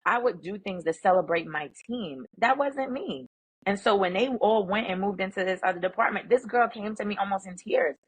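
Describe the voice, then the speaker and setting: A middle-aged woman, a guest speaker, telling workplace stories in an animated, emphatic way and acting out the quoted talk. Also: mid-range voice, moderate pace, husky, rough recording. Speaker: guest, emotional intelligence speaker. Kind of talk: conversational storytelling.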